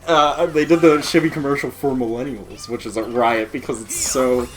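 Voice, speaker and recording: A man's voice: medium pitch, fairly even intonation, normal speed. A young man chatting casually and profanely over a video game, rambling and laughing often. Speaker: gaming podcast co-host. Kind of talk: casual gameplay chat.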